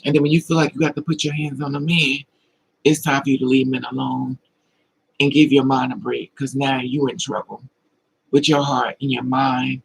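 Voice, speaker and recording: A man's voice: medium pitch, flat delivery, moderate pace, gravelly, slight background noise, poor audio. A man hosting a livestream, telling personal stories with emotion and replying to chat comments in a confiding way. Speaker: livestream host. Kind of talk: casual livestream talk, answering chat.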